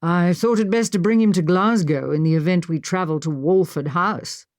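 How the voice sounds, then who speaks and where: A woman's voice: on the low side, normal speed, darkish tone, lightly acted. Woman voicing a matter-of-fact nanny. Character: dutiful nanny, sensible woman.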